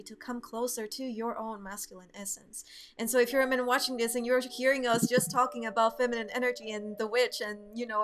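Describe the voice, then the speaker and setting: Impassioned woman in spiritual chat. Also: a little high. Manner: impassioned, emphatic, builds to emotion. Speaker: co-host.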